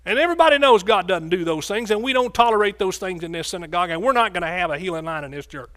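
A man's voice: sits high, lively intonation, fast talker, fairly bright tone. A man playing a pompous, indignant male synagogue ruler who scolds in a self-righteous way.

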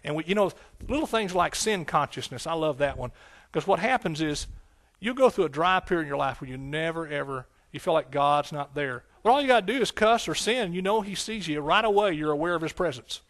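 High-voiced preaching pastor. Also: male voice, expressive, a little fast, fairly bright tone. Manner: preaching with call-and-response questions to the congregation; repetitive, emphatic phrasing. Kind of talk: sermon.

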